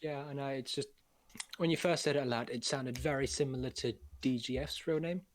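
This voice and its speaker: A man's voice: mid-range voice, brisk, no room sound. A man playing in a tabletop game, teasing the others in a dry way. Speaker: player.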